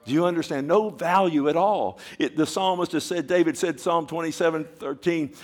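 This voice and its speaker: A male pastor preaching a sermon with passion, dropping to a hush and then rising loud, asking his congregation questions again and again. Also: on the high side, moderate pace, few pauses. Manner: impassioned, swings from hushed to loud.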